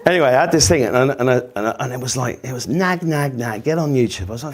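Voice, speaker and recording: An Englishman in his fifties tells rambling, jokey stories to an audience, swearing freely as he goes. His medium-pitched voice is animated and he talks fast, in a casual storytelling style.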